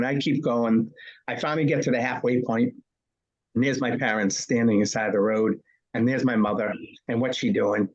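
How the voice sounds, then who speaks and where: A man's voice: medium pitch, lo-fi sound. A man in his sixties telling stories as an interview guest, punchy, asking and answering his own questions. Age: 60s. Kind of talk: storytelling interview.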